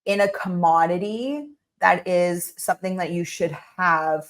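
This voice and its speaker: A woman hosting a podcast in casual conversation. Her voice sits a little low, and she talks in a warm, cheering way, full of "like" and "you know". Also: a little slow. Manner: encouraging, effusive, heavy use of "like". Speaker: podcast host. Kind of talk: casual interview chat.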